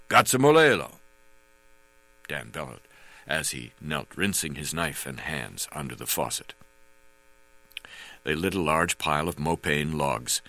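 A man reading his memoir aloud as narrator, halting with frequent fillers. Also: low-pitched, sharp tone, dry recording.

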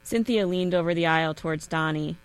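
A woman narrating a first-person story in an even, measured way. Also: on the low side, clear, resonant tone.

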